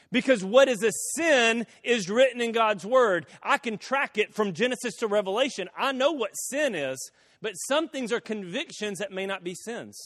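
Man, pastor, sermon, high voice, dramatic storyteller. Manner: dramatic storytelling, quoting voices, swinging from loud to hushed.

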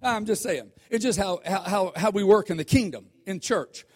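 Guy preaching, real high voice, lively, keeps asking the crowd stuff. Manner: animated, asks the congregation questions, slows down to stress scripture. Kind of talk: sermon.

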